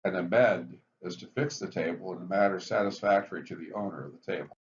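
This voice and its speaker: A man explaining the twelve recovery steps in a measured, explanatory lecture, stressing each step heading. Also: low voice. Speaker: physician teaching addiction recovery. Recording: dull lo-fi recording with faint hiss.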